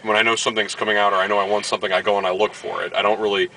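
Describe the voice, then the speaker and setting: A man's voice: on the low side, little pitch movement, very fast, bright, forceful tone, a little hiss or hum, rough recording. A man from Baltimore vlogging casually, telling a story and acting out what others said. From Baltimore, USA. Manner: storytelling, acts out quoted dialogue. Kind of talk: casual chat.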